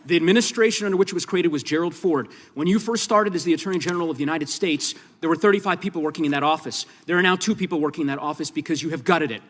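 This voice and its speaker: A man's voice: on the high side, rapid-fire, few pauses, fairly bright tone. Man pressing a witness in a reverberant hearing room. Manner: firm, pressing, reclaims time, talks over interruptions. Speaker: congressman questioning a witness. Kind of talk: congressional hearing questioning.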